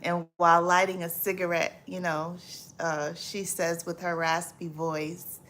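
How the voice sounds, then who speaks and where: A woman's voice: on the low side, little pitch movement, a little slow, a bit bright. A woman from South Florida hosting a live stream in a casual, chatty way, reading viewer comments aloud, repeating herself and laughing often.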